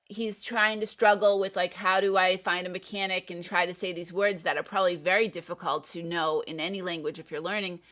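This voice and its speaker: A woman's voice: fairly low pitch, fairly even intonation, brisk, hardly any pauses, fairly bright tone. A woman English tutor talking through a film in a thoughtful, explaining way. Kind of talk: casual chat about a film.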